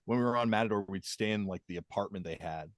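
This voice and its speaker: A man with a somewhat low voice tells rambling, laid-back stories on a podcast. His delivery is casual and full of fillers. The sound is dry and close to the mic, with no room around it. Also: fast talker, no room sound. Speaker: podcast co-host. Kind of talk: casual chat.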